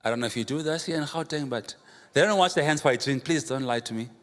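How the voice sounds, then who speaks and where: A man, a pastor preaching a sermon with humorous, animated storytelling and rhetorical questions. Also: medium pitch, fast. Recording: reverberant hall, faint room noise.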